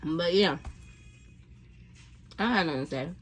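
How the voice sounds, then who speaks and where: A woman's voice: low voice, expressive, a little slow, slightly rough, faint music behind. A woman vlogger chatting casually to her viewers between bites, rambling and laid-back. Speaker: mukbang vlogger. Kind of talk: casual eating chat to camera.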